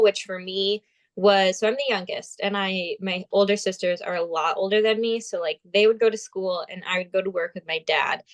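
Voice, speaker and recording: A woman in her twenties from Vermont, a pageant titleholder and guest who tells stories in an animated way and acts out the quotes. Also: mid-range voice. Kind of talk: casual interview storytelling.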